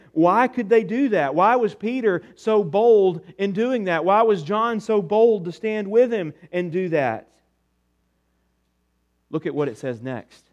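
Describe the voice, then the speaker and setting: A man with a high voice preaches to his congregation. He asks rhetorical questions and drops soft and low on the words he wants to land. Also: muffled recording. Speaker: pastor. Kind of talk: sermon.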